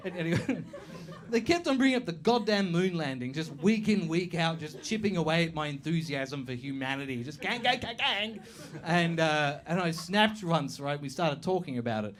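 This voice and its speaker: A man doing a stand-up comedy set on a club stage, sweary and animated, mocking strangers with quick impressions. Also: a little high.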